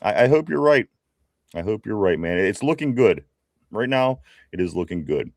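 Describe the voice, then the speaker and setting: A man's voice: lowish voice, sing-song, normal speed, darkish tone, dry recording, studio quality. A man co-hosting a live sports podcast with a Pittsburgh accent, reading viewer comments aloud in a chatty way. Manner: reads viewer comments aloud, chatty, many fillers and restarts. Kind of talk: casual live-stream chat.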